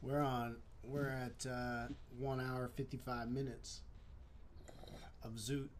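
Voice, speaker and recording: A man from Minnesota co-hosting a live stream, talking in a laid-back, slangy way that swings from low mumbles to loud bursts. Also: level tone, takes it slowly, slight background noise. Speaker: live show co-host. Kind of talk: casual stoned chat. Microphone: livestream mic.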